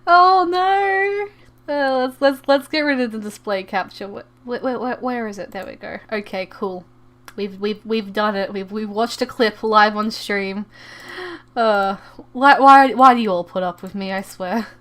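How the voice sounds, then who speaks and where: A young woman streaming a game, chatting casually in an excitable, rambling way, often stammering and repeating herself. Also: medium pitch, measured pace. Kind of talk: casual live-stream chat while gaming.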